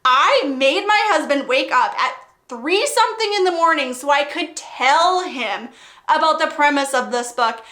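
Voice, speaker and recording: A woman reviewing books in a casual chat, telling stories with excitement, acting out quotes and pleading with emphasis. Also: sits high, a little slow. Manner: excitable storyteller, acts out quotes. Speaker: book reviewer. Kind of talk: casual book recommendation chat.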